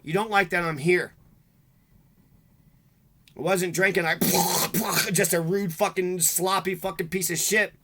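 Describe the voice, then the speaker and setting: A man's voice: sits high, sharp tone. A man delivering a rambling, bitter, profane monologue to the camera. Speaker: vlogger.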